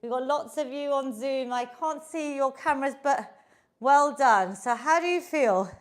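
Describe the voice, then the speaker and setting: A woman's voice: high-pitched, unhurried. A woman leading a live online workout class, upbeat and encouraging, counting down reps and slightly out of breath. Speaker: fitness instructor.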